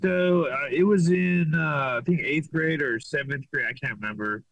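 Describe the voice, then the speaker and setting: A man from Los Angeles, a fighter, being interviewed as a podcast guest and speaking in a laid-back, halting way with lots of repeated words. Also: a little high, vocal fry, a bit bright, lo-fi sound. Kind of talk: casual interview chat.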